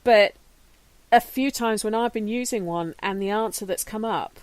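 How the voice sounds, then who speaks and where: A British woman hosts a casual podcast interview. She is chatty and chimes in with quick agreements, and her voice sits at a middle pitch. The sound is close and dry. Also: no room sound. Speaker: podcast host.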